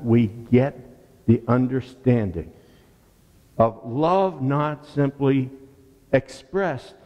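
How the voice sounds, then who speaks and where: A man preaching a sermon as pastor, deliberate and emphatic, with rhetorical questions and repeated words. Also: medium pitch, lo-fi sound. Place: church sanctuary. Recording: long church reverb.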